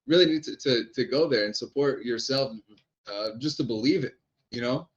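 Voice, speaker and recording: A man hosting an interview, speaking in halting bits and repeating words as he thinks. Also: mid-range voice. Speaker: interview host. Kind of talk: casual interview chat. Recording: dull lo-fi audio.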